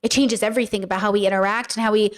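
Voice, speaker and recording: A woman host giving casual commentary as she reacts to viewer comments, rambling and animated, with lots of fillers and playful mimicked voices. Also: medium pitch, racing. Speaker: YouTuber and podcast host.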